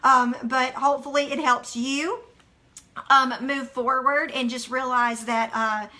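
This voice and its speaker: Middle-aged woman, devotional speaker, chatty storyteller with a bright, ringing tone. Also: high voice, measured pace. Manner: animated storyteller, chatty with many fillers. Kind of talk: casual devotional talk.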